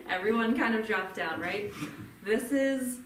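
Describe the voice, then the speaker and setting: A woman's voice: on the high side, slow, a little hiss or hum. Woman, voice coach, friendly instruction, demonstrates hums, echoey room, faint background ambience. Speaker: speech-language pathologist leading a voice workshop. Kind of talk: live workshop instruction. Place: room with a group. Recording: roomy, from a distance, faint ambience.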